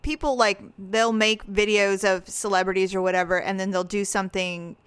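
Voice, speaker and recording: Smooth-voiced woman chatting animatedly. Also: medium pitch, moderate pace, no room sound. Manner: animated storyteller, acts out quotes in raised voice. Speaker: podcast co-host. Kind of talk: casual chat.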